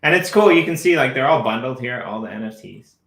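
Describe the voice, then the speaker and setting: A man's voice: medium pitch, expressive, quick pace, creaky, fairly bright tone. A man co-hosting a casual live stream, rambling and restarting his words as he talks. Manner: rambling, repeats words, laughs often. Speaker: co-host. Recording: echoey room.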